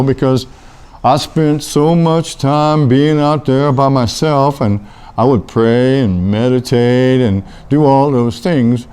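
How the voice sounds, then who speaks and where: A man's voice: medium pitch, dark tone, clean tone, lightly acted. A man playing a folksy old biblical shepherd-prophet, telling his story in a rambling, homespun way during a comic church interview. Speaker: interview guest in character.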